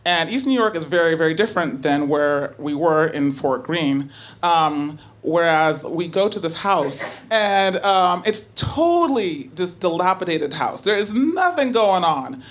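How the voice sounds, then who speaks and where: Chatty, animated woman storyteller. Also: on the low side, measured pace. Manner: chatty, animated, full of "like" and asides. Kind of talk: live first-person storytelling.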